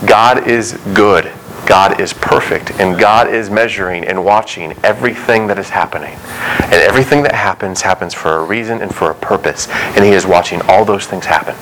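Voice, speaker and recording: A young man preaching a sermon in a low-ish voice, relaxed and conversational rather than grand. He slips into little acted-out quotes and back-and-forth dialogue as he talks. A faint room hum sits behind him. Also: normal speed, poor audio. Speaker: pastor.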